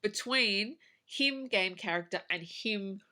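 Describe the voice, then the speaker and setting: Animated woman reviewing a film. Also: mid-range voice, takes it slowly. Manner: animated, swears, acts out her reactions. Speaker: podcast co-host. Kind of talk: casual film review chat.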